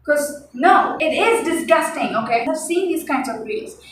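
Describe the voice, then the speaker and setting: A young woman with a high voice tells a story in a loose, chatty vlog, exasperated and full of fillers and repeated words. She sits back from the mic in a very echoey room, with faint hiss underneath. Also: expressive, unhurried. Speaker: vlogger. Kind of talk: casual storytime chat. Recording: echoey room heard from a distance.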